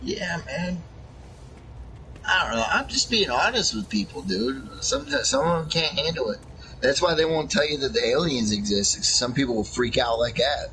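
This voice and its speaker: A man's voice: medium pitch, animated, normal speed, background noise. A young man in crude, rambling casual chat, swearing a lot and laughing often.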